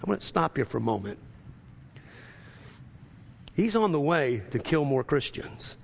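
A man's voice: a little high, sing-song, unhurried, vocal fry, slightly rough. A man preaching a sermon as pastor, emphatic and full of rhetorical questions to his congregation.

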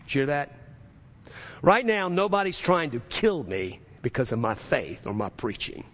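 A man's voice: fairly high pitch, very animated, moderate pace, a bit bright. A man preaching a sermon as pastor, emphatic and full of rhetorical questions to his congregation.

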